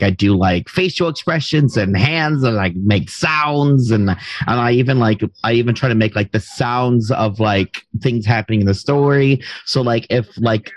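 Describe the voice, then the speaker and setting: A man's voice: fairly low pitch, no echo. A man in casual podcast chat, hesitant and full of fillers and restarts. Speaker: podcast host and preschool teacher.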